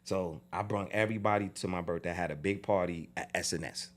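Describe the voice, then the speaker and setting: A man with a New York accent telling a story in a casual interview, swinging from low mutters to loud outbursts. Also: fast talker. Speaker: interview guest.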